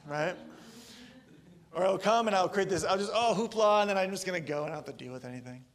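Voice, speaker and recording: Casual male pastor, thirties, gravelly, loose and joking sermon delivery. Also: high voice, fast.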